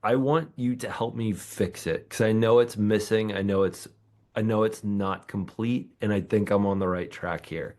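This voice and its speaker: A man hosting a casual interview, asking a question haltingly and restarting his sentences. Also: fairly low pitch, steady tone, darkish tone. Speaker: podcast host.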